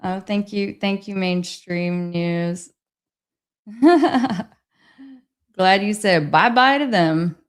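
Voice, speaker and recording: Woman, livestream host, slow, hesitant. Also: mid-range voice, clear, resonant tone. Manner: rambling, hesitant, with many restarts. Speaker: livestream host reading chat. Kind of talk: casual livestream chat.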